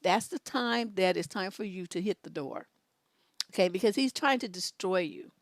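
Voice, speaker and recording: A woman's voice: medium pitch, normal speed, no room sound. Blunt, sassy woman advice host. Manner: blunt, animated and sassy, with emphatic repetition. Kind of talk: live-stream advice talk, reading viewer questions.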